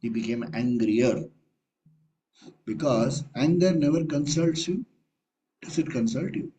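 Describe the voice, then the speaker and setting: A man's voice: medium pitch, a little slow, warm tone, low-quality recording. A man with an Indian English accent giving a conversational satsang discourse as a spiritual teacher, acting out everyday scenes as he explains. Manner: conversational, acts out little scenes with changing voice.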